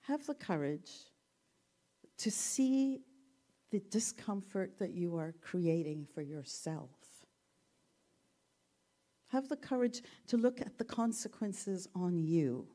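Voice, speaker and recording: A woman giving a gentle, reflective talk and telling a story, with self-deprecating humor. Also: mid-range voice, animated, slow pace, long pauses.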